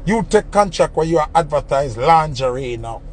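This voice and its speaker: A young man with a Jamaican accent, ranting in an animated, mocking way on a casual phone livestream. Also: on the high side, normal speed, slight background noise. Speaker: entertainer on a livestream.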